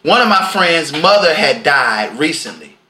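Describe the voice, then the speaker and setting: A man's voice: fairly high pitch, sing-song, a little slow, sharp tone, a little hiss or hum. A man in his forties co-hosting a podcast, blunt and profane, arguing his point and telling stories. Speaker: podcast co-host. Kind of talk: casual podcast banter.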